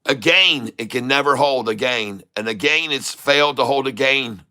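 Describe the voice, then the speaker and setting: A man's voice: mid-range voice, moderate pace, pushed and bright, smooth. A middle-aged man giving casual livestream stock commentary as a day-trading streamer, emphatic and repetitive, often laughing and calling his viewers folks.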